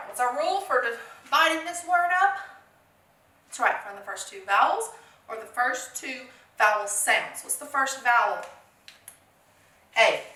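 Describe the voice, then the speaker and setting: A woman's voice: on the high side, pushed and bright, roomy sound, distant mic. A woman teaching a phonics lesson to young children, encouraging them, asking questions and answering them herself.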